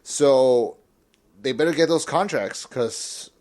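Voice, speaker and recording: A man co-hosting a casual movie podcast, excitable and stumbling over his words with frequent restarts. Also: medium pitch, slow. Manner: excitable, stammers and repeats words. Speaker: podcast co-host.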